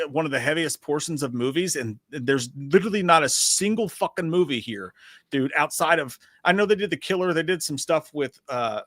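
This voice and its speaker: A man co-hosting a casual livestream discussion, talking in an animated, profane, rambling way as he reads through a list. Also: fairly high pitch, dry recording, clean studio sound. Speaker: podcast co-host.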